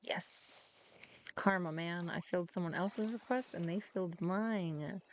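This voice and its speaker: A woman's voice: fairly low pitch, moderate pace, slight background noise. Chatty woman in a put-on Irish accent. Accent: put-on Irish, Dublin-ish with a hint of American. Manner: chatty, swears casually, talks to her cat and chat. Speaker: game streamer. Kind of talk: casual gameplay chat with viewers.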